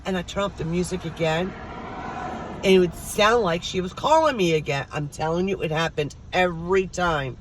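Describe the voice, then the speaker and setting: A woman's voice: lowish voice, normal speed, slight background noise. A middle-aged woman vlogger, chatting casually to her viewers and telling stories, acting out the voices of the people in them. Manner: chatty storytelling, acts out voices.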